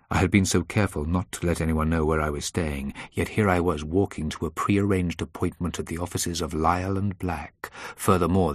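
A man reads a first-person audiobook in a measured, steady way, with a tense edge. His voice is deep and low. The recording is dry and close, with no room echo. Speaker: audiobook narrator. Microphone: close dry studio mic.

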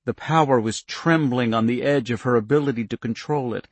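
A man narrating an audiobook in a steady, measured way on a close mic. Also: medium pitch, no echo.

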